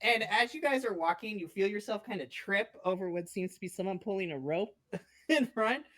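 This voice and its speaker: A woman narrating as game master on a live stream, playful and quick to laugh. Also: mid-range voice, lively intonation, a bit bright. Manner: giggly, playful, often breaks into laughs.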